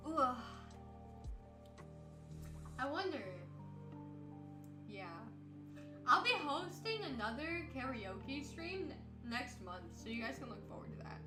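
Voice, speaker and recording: A tired woman streamer chatting casually and rambling, laughing often and breaking into playful outbursts. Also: high voice. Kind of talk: casual chat with chat readers. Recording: roomy sound with music behind.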